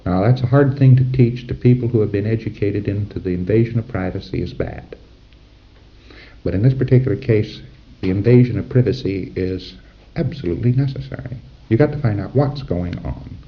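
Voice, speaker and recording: Low-voiced man lecturing on dull tape. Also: a little fast. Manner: conversational, acts out dialogues and chuckles at his own examples. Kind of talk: informal lecture to trainees.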